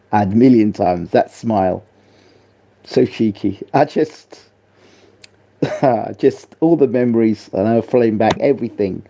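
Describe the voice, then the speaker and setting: A man giving a personal spoken tribute as a boxing channel host, grieving, soft and halting, with many pauses and fillers. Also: on the low side.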